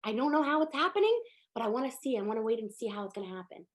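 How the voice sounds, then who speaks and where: A woman voicing a hopeful young girl prophetess, speaking quietly and earnestly. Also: fairly high pitch, sing-song, very fast. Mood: determined.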